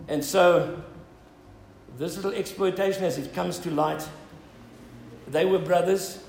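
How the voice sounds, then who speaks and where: A man's voice: high-pitched, a little slow, gravelly, a little mellow, echoey room, a little hiss or hum, rough recording. A male pastor preaching an earnest sermon, building up to emphatic appeals and asking "Amen?".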